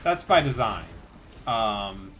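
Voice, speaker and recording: Young streamer guy from idaho, jokey, bright crisp voice, faint music behind. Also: lowish voice, expressive, slow. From Idaho, United States. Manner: joking, riffing bits. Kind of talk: casual chat while gaming.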